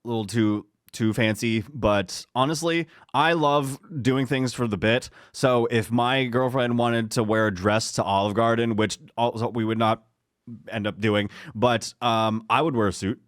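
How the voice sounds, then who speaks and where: Male podcast co-host, clear tone, dry close mic, joking and teasing. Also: medium pitch, fairly even intonation, measured pace, dry recording. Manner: joking, mock-judgmental banter. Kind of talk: casual comedic chat.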